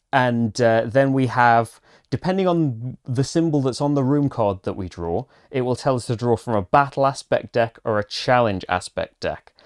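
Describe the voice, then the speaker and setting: A man's voice: mid-range voice, a little mellow, no room sound, clean studio sound. A man hosting a solo board game playthrough, explaining rules casually with many fillers and reading story passages aloud. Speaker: board game channel host.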